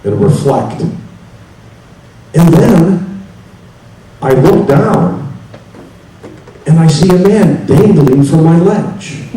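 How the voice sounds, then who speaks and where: A man voicing a jealous husband in a joke, telling his story in a low, deadpan way. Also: heavily acted. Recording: echoey hall from far off, faint hiss.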